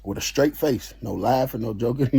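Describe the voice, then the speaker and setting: A man telling a story in a casual, animated way, full of slang and swearing. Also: medium pitch, vocal fry, husky.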